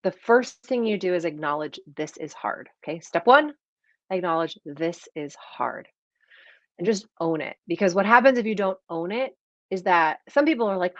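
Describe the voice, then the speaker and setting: A woman's voice: fairly low pitch, normal speed, dry recording. Chatty woman coach, dry sound. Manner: chatty and animated, acts out quoted voices. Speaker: performance coach. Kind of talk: casual coaching talk to an online audience. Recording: dry, slightly dull lo-fi sound.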